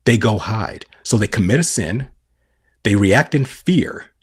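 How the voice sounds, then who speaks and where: A man's voice: on the low side, animated, unhurried, breathy edge. A middle-aged man on a podcast explaining scripture, asking and answering his own questions. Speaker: podcast guest.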